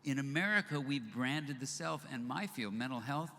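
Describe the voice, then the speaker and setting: A man's voice: mid-range voice, normal speed, creaky. Older man telling stories in a reverberant hall. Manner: animated storyteller who acts out both sides of a dialogue. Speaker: speaker at a live event. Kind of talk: storytelling talk to an audience. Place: event hall. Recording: live hall with long reverb, faint noise.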